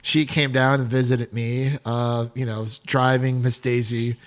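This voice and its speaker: A man's voice: medium pitch, little pitch movement, moderate pace. A man hosting a film podcast in a casual, upbeat, chatty way, laughing often between remarks. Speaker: podcast host.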